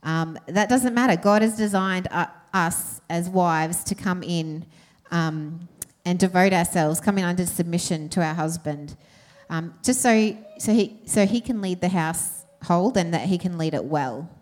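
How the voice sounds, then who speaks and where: Lower-voiced woman preaching conversationally. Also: measured pace. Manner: warm, conversational with frequent fillers. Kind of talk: sermon.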